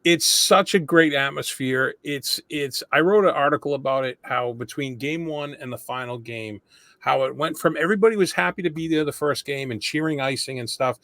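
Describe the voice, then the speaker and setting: A man hosts a casual podcast interview, rambling through self-deprecating stories in a middle-pitched voice. The recording is dry and close, with no room sound. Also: normal speed, fairly bright tone, dry recording. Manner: chatty, self-deprecating storyteller. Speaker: podcast host.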